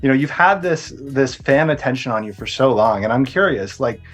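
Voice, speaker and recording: Husky-voiced male interviewer. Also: medium pitch, expressive, moderate pace, a bit bright, faint music behind. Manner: chatty, long setups with fillers. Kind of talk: press junket interview.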